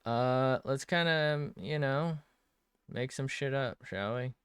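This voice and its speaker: A man's voice: medium pitch, slow, fairly bright tone, clean tone, no room sound, clean studio sound. A man streaming himself drawing, muttering to himself in casual commentary, swearing often and joking at his own expense.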